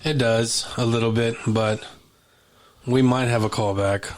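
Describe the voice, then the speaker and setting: Joking Texan podcast co-host. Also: male voice, mid-range voice, fairly even intonation, a little slow. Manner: joking, playful, easygoing. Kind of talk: casual chat.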